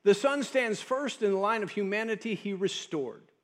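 High-voiced male pastor preaching emphatically. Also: animated, moderate pace. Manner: emphatic, repeats words for stress. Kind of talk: sermon.

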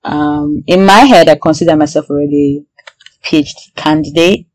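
A young adult woman, a PhD student and podcaster, talking in a casual video diary. She sounds anxious and excitable and often breaks into prayerful exclamations. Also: sits low, moderate pace, dry recording, poor audio.

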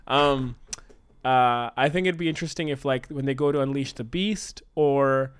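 A man brainstorming a story idea in casual conversation, acting out his characters' lines as he pitches them. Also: normal speed, clean tone. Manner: animated, acts out characters' lines mid-pitch.

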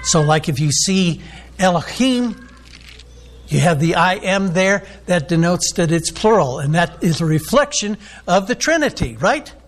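A man's voice: high-pitched, expressive, unhurried. A man preaching a sermon, teaching in a loose, rambling way with many ums and restarts.

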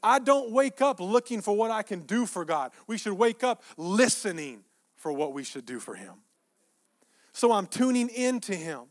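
A male pastor preaching a sermon, emphatic and repeating his phrases, swinging between soft asides and loud peaks. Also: high-pitched, sing-song, moderate pace.

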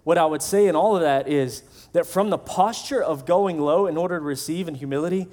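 A man's voice: on the high side, a little fast, darkish tone. A male pastor preaching a sermon in a conversational way, acting out the voices of the people he quotes.

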